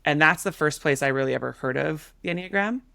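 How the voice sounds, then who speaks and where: A woman in her thirties, a podcast guest, telling a story in a casual, animated way with many fillers. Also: deep voice, fast talker, gravelly, no echo. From Canada.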